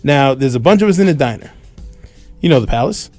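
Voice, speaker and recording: A man hosting a radio talk show, telling a long story in a casual, animated way and acting out what people shouted, on a studio microphone. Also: medium pitch, fairly quick, dry recording, soft background music.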